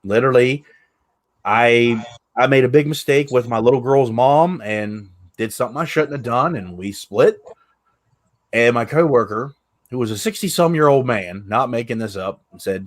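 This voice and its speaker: A male podcast host in relaxed conversation. He speaks candidly and earnestly at a mid pitch, with the odd curse word thrown in. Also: moderate pace, long pauses. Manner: candid, earnest, swears freely. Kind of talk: casual chat.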